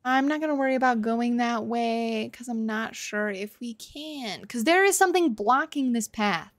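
High-voiced woman streamer, jumpy and swearing. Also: moderate pace. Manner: jumpy, swears when startled, apologetic. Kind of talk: live gameplay commentary.

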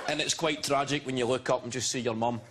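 A young Scottish man, a comedian guest on a chat show, telling stories in a deadpan way with dry jokes. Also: medium pitch, fast talker, heavy background noise. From Scotland. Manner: deadpan storytelling, dry jokes, laughs often.

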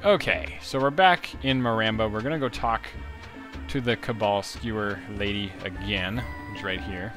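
A man's voice: fairly low pitch, normal speed. A man hosting a let's play video, chatting casually and rambling over the gameplay. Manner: rambling and upbeat, with frequent fillers. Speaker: gaming channel host. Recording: game music behind the voice.

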